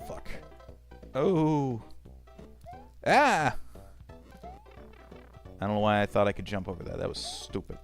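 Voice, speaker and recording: A man's voice: fairly low pitch, very animated, takes it slowly, gravelly, pauses often, soft background music. A man streaming a game, chatting casually and swearing often as he reads chat aloud and rambles. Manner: profane, rambling, talks to chat.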